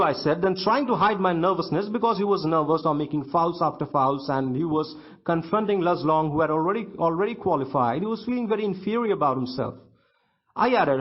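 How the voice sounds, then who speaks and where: Male literature teacher with an Indian English accent. Reads a line aloud, then explains it, with frequent restarts. High, husky voice on a dull, lo-fi recording. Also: lively intonation. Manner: reads a line of the text, then repeats it in simpler words; halting, repeats words and restarts sentences. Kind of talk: classroom literature lesson, reading aloud and explaining.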